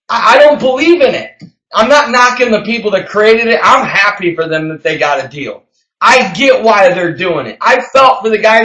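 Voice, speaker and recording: A man hosting a health show as a health coach, talking emphatically and passionately, getting loud. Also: high-pitched, reverberant, poor audio. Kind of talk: energetic podcast talk.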